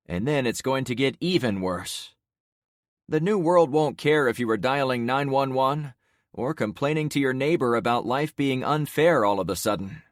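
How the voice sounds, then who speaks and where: Narrator playing a blunt no-nonsense survivor leader, loud, lively, bossy. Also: male voice, medium pitch, no echo, clean studio sound, pitched above the performer's own voice, natural voice. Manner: forceful, commanding, blunt. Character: blunt male survivor leader addressing a crowd.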